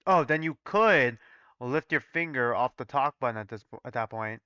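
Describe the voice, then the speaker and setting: A man hosting his own channel, reading a story aloud and breaking in with loud, swearing asides, on a dull, dry recording. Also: mid-range voice, animated, normal speed, clean tone, no echo. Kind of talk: casual reading commentary.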